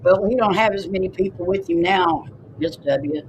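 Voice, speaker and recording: A man's voice: sits high, normal speed, dull audio, a little hiss or hum. A man hosting a livestream from a car, joking and thanking viewers by name. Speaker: livestream host. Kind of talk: casual livestream chat. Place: inside a moving car.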